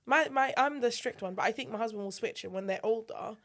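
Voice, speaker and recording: A woman's voice: fairly high pitch, a little fast. A young mother, chatting casually and expressively about her son, with slangy phrasing. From United Kingdom. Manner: expressive, slangy, drops into near-whispers when quoting. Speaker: podcast co-host. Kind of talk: casual chat.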